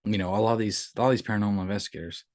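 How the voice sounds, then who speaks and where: A man's voice: fairly low pitch, racing, no room sound, studio quality. A middle-aged man and father, casually telling his own haunted-house experiences in a rambling, conversational way and acting out what people said. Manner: conversational, rambling with restarts and acted-out quotes. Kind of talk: casual storytelling.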